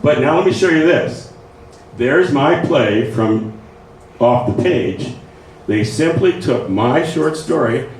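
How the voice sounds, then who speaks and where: A man's voice: medium pitch, lively intonation, takes it slowly, a little mellow. A man presenting a writing workshop in a conversational lecture style, often checking in with his listeners. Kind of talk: informal lecture to a writing group. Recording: echoey room, faint noise, mic far off.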